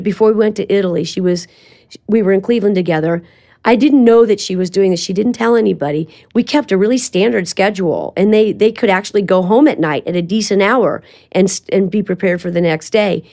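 An older woman, a voice actress and interview guest, telling lively stories in casual chat and acting out quoted lines. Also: mid-range voice. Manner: animated storytelling with quoted asides.

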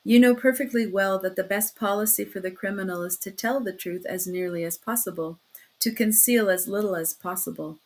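A woman's voice: medium pitch, fairly quick, natural voice. A woman reading aloud as a tense, feverish young man who answers in a strained, bitter and defensive way. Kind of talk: audiobook reading.

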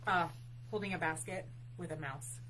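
A woman working as a librarian, reading a picture book aloud at story time in an expressive, unhurried way, adding chatty asides. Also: lowish voice, slight background noise, poor audio.

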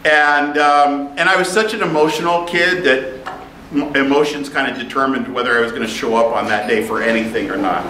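Bright-voiced, animated male preacher. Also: medium pitch, fairly quick, a little hiss or hum. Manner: animated, humorous, with restarts. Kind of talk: sermon with personal storytelling. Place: church meeting room. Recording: echoey room, faint ambience.

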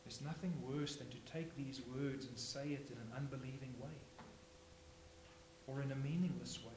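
A man's voice: medium pitch, fairly even intonation, moderate pace. Preaching man in an echoey church. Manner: swings from hushed to loud emphatic. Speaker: pastor. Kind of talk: sermon. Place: church sanctuary. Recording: echoey church, faint hum.

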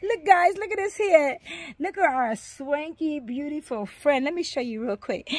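A woman's voice: high voice, expressive, moderate pace, no room sound. An older woman hosting a casual home vlog with her grandchildren, calling out greetings and humming in a bubbly sing-song way. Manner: exuberant sing-song, calls out greetings, hums and croons. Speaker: vlog host.

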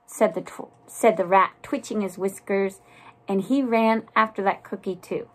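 A woman reading a children's storybook aloud in a soft, deliberate narrating voice. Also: mid-range voice. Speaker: storybook reader.

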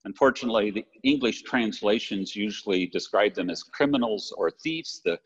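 Speaking at a normal pace in a lowish, husky voice, an older man delivers a sermon as pastor of his church. He keeps it conversational, tossing warm "right?" asides to the congregation, and the sanctuary's long reverb fills this lo-fi livestream.

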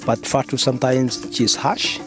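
Male keeper, mid pitch, halting explanations outdoors over clear music. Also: little pitch movement. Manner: halting, with repeats and fillers. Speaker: animal keeper. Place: outdoor wildlife enclosure.

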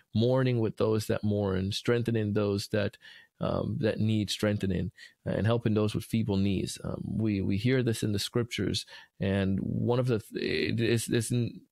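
A man's voice: lowish voice, creaky, a little mellow, no room sound, clean studio sound. A man hosting a devotional podcast, speaking in an earnest, encouraging way with frequent restarts. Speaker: podcast host.

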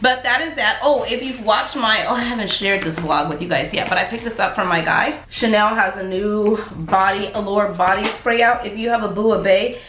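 A woman talks casually to her followers while she gets ready to head out. She rambles from one thing to the next with animated asides. Her voice sits in a middle register, and the room around her rings with a noticeable echo. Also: mid-range voice, normal speed, hardly any pauses, slight background noise. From United States. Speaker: lifestyle vlogger. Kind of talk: casual chat to camera.

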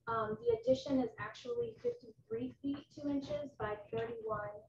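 A woman's voice: sits high, big pitch swings, normal speed, creaky, noisy background. A woman applicant earnestly walking a commission through her revised building plans, with many ums. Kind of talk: presenting plans at a hearing. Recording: muffled far-off echoey room mic.

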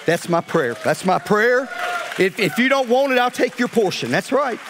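A man preaching a fiery sermon as pastor, swinging between loud calls and hushed asides. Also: high voice, big pitch swings, normal speed, crowd noise, background noise.

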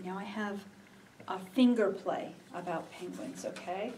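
A woman leading a children's storytime, singing a song, reading picture books aloud and teaching a finger play in a slow, gentle, sing-song way. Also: fairly high pitch. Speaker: children's librarian. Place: library storytime room. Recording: faint room noise, mic at a distance.

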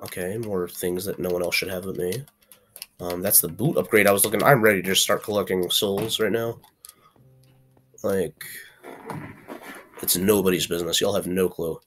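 A man's voice: deep voice, steady tone, moderate pace, long pauses, a bit bright, slight background noise. A young man giving casual gameplay commentary, chatty and playfully trash-talking, now and then yelping in frustration. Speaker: gaming channel host.

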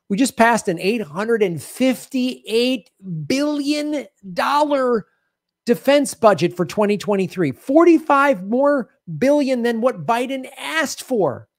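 In a heated political commentary, a male show host sounds sarcastic and indignant. His ordinary-pitched voice lurches from loud jabs to low muttered asides. The recording is dry and close, with no echo or room around it.

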